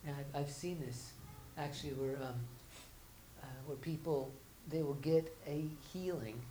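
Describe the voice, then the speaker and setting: A woman delivers a sermon in a conversational, informal way, with a somewhat low voice. She often restarts and repeats her words. She slips into the everyday voices of her listeners to act out what they say. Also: unhurried, dark tone, slight background noise, poor audio. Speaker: preacher.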